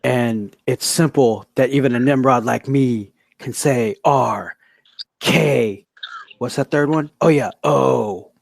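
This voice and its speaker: A man voicing a cocky male wrestler in an impression, cutting a promo with a choppy, halting delivery. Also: medium pitch, creaky, no room sound, voice pushed down.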